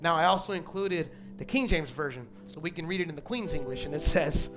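High-voiced pastor preaching over music. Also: male voice, fast talker, few pauses. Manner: conversational preaching with asides to the crowd. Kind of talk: sermon. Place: church.

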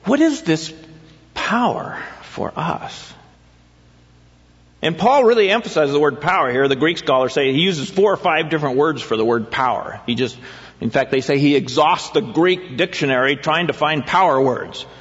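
A man's voice: on the high side, lively intonation, brisk, fairly bright tone. A man preaching a sermon in a conversational way, often putting questions to his listeners. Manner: conversational, asks the congregation questions. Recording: dull sound with long hall reverb.

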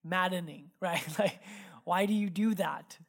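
A woman pastor preaching a sermon in a casual, candid storytelling manner, full of fillers and asides, swinging between lively emphasis and quiet, hushed reflection. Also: lowish voice, a little slow.

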